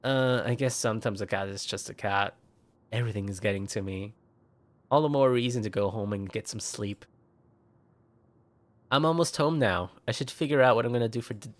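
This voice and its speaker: A man's voice: lowish voice, moderate pace. Man reading a visual novel aloud. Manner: expressive, jumps into loud yelps and laughs. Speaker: streamer. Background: game music.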